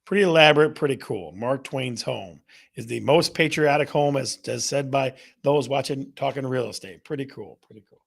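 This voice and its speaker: A man's voice: mid-range voice, normal speed, gravelly, husky. A man hosting a casual live show, upbeat and playful, reading out viewer comments from the chat. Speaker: host of a real estate live show.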